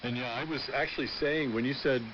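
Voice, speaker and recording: A man's voice: medium pitch, steady tone, brisk. A man chatting on ham radio in an easygoing, rambling way. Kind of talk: casual on-air radio chat. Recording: muffled amateur radio audio, clear static.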